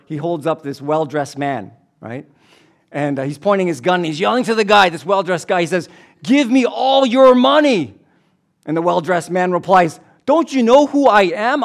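Higher-voiced male pastor preaching. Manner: reads scripture then jokes, repeats and stresses phrases. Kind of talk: sermon.

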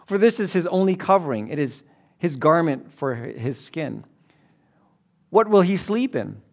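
A man's voice: a little high, big pitch swings, a little slow, a little mellow. A man preaching a sermon as pastor, reading scripture, telling jokes and repeating key phrases for emphasis.

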